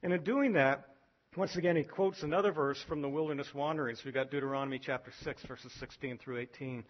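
A man preaching a sermon as pastor, animated, acting out voices from scripture. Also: a little fast, highs cut off. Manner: animated, acts out biblical voices with rising pitch.

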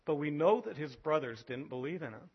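A man preaching a sermon as pastor, animated, acting out voices from scripture. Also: brisk, husky, lo-fi sound. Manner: animated, acts out biblical voices with rising pitch.

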